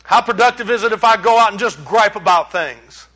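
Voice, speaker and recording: High, bright-voiced preacher man. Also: brisk. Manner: folksy and emphatic, with rising exclamations. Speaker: pastor. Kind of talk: sermon.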